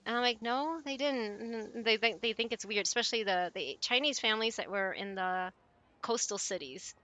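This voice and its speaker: A woman's voice: mid-range voice, fairly quick, bright, forceful tone. A woman from the United States streaming live, chatting casually and reading viewer messages aloud, laughing often and stumbling over names. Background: faint music.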